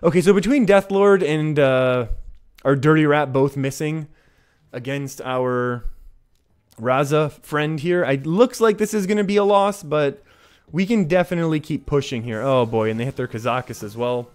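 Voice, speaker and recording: A man's voice: on the high side, moderate pace, a little mellow, smooth. A man with a Canadian accent giving casual, chatty commentary while streaming a card game. He often chuckles at himself and restarts his sentences as he talks to his chat.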